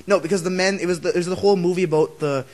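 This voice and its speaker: A man's voice: high voice, fairly even intonation, racing, crowd noise. A young man co-hosting a casual podcast at home, talking close to a desk mic in a jokey, rambling way. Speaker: podcast co-host. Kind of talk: casual chat.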